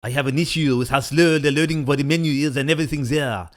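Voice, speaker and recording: A man's voice: on the high side, fast, pitched above the performer's own voice, close to an everyday voice. A man putting on an exaggerated mock French accent to voice a fussy male gamer complaining about a game. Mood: whiny.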